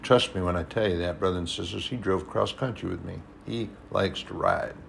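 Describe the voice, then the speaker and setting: A man preaching a sermon, telling personal stories, swinging between hushed and loud, emphatic passages. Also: low-pitched, a little fast, creaky, slight background noise. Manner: storytelling, personal anecdotes.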